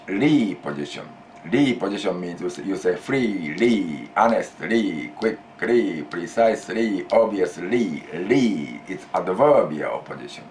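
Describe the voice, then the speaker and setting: Japanese-accented male teacher, lowish voice, repeats and stretches examples for the class. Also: a little hiss or hum. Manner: deliberate, repeats key phrases, stretches out example phrases. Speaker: language teacher. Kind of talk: classroom language lesson.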